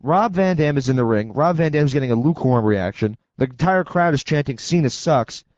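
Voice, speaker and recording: A man's voice: medium pitch, animated, a little mellow, no echo. A man co-hosting a radio talk show, giving blunt, opinionated takes and launching into rants. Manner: blunt, opinionated, quick to rant. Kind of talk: casual radio debate. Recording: dull dry AM radio broadcast.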